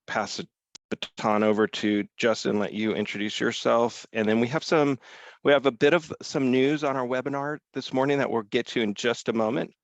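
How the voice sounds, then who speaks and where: A man's voice: fairly low pitch, no echo, lo-fi sound. A man hosting a webinar over a video call, talking loosely with many fillers. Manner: loose, filler-heavy, apologetic. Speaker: webinar host, sales team member. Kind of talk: casual webinar talk.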